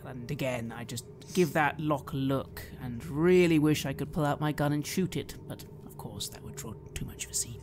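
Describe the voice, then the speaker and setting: A woman's voice: very deep voice, normal speed, over music. Woman narrating her character's actions. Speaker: player. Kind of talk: playing a tabletop role-playing game.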